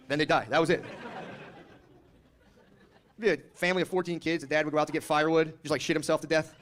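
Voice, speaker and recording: A man's voice: on the high side, a little hiss or hum. A man in his thirties doing a stand-up comedy set on a club stage. He is brash and profane, riffs with the crowd and acts out characters.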